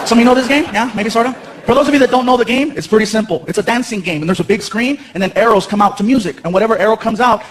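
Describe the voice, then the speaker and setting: A man in his thirties doing animated stand-up comedy on stage, acting out voices as he tells stories. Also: sits high, a little hiss or hum. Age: 30s. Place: theater stage with audience.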